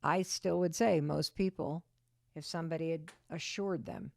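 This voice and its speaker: Host: middle-aged woman, very low gravelly voice, earnest reassuring delivery, dry close sound. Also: moderate pace, a little mellow, no echo. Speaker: podcast host. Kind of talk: casual podcast conversation.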